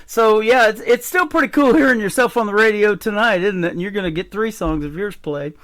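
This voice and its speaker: A man's voice: sits high, fairly quick, fairly bright tone. A middle-aged man hosting a radio show, chatty and enthusiastic as he interviews his guest. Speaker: radio host.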